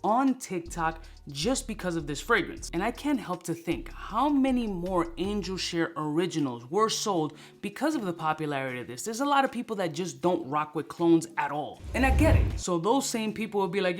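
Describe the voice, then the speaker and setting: A man hosting a casual fragrance review, talking in an animated, slangy, joking way. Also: high-pitched, fairly quick, hardly any pauses.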